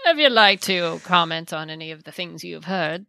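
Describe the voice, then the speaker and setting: A woman's voice: lowish voice, expressive, normal speed, creaky, sharp tone, no room sound. A woman co-hosting a podcast in casual chat, with a playful, dry way of talking. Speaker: podcast co-host.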